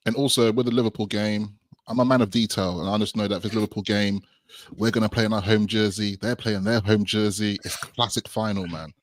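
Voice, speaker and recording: Young guy on a football pod, lowish voice, kinda hesitant, dry close sound. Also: steady tone, fairly quick, dry recording. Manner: hesitant, stammering restarts. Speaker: podcast co-host. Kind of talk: casual football chat.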